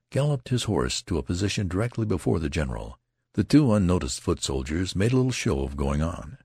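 A man reading a classic novel aloud as an audiobook narrator, expressive and unhurried. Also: low voice, slightly rough, no echo, studio quality.

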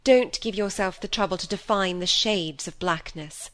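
A woman's voice: medium pitch, normal speed, a bit bright, lightly acted. A woman reading an audiobook, voicing a wilful, proud young woman who talks with bitter passion. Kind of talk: audiobook character voice.

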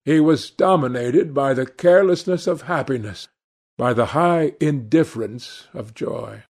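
A male narrator reading classic literature in a measured, deliberate way. He takes his time with every phrase, at an unhurried pace. His pitch sits right in the middle. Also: gravelly, darkish tone, slightly rough. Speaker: audiobook narrator.

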